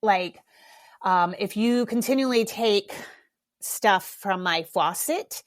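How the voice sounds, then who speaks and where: A woman's voice: mid-range voice, slow. A middle-aged woman hosting a podcast alone, talking in a casual, candid way, swearing freely and laughing at herself. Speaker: podcast host. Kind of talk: casual solo podcast talk.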